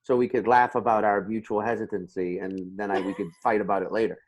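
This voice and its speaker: A man co-hosting a podcast in casual chat, talking in an animated, profane and self-mocking way. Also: lowish voice, fast. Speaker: podcast co-host.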